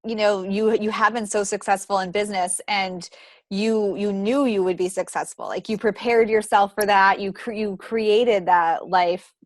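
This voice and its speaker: A woman's voice: medium pitch, fairly even intonation, normal speed, no echo. A woman hosting a podcast, chatting casually with her guest, talking loosely with many restarts. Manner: chatty, many fillers and restarts, laughs often. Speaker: podcast host. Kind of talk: casual interview chat.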